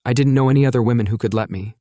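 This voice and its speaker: A man narrating a first-person relationship story in a steady, even delivery. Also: mid-range voice, racing, no echo.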